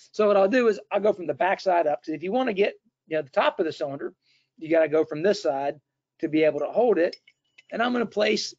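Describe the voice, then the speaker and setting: A man's voice: high voice, dry recording. Casual man demonstrating a shop tool. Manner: casual, chatty, with frequent fillers and restarts. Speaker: webinar presenter. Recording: dull, dry, lo-fi webinar audio.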